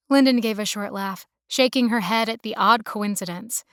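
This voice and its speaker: A woman narrating a romance audiobook in a steady, even storytelling manner. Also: mid-range voice, moderate pace, hardly any pauses, clean tone, no room sound, clean studio sound.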